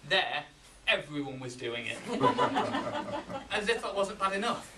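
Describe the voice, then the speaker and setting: A man with a Yorkshire accent giving a humorous contest speech, with deadpan timing and pauses for laughs. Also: a little high, heavy background noise. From England. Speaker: contest speaker. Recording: roomy hall, mic from a distance.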